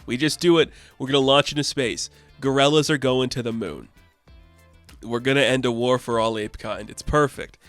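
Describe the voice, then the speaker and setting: Guy doing a gorilla leader, all pumped and bold, a bit louder. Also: mid-range voice, fairly even intonation, moderate pace, no echo, soft background music, lightly acted. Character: eager male gorilla leader.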